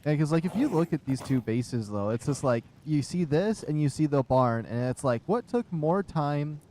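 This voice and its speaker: A man's voice: fairly high pitch, animated, normal speed, warm tone, a little hiss or hum. A man streaming a game live, chatting casually and rambling to his viewers in his room, a little short of breath. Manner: chatty, rambling, chuckles to himself. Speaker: livestream gamer. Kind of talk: casual gameplay commentary.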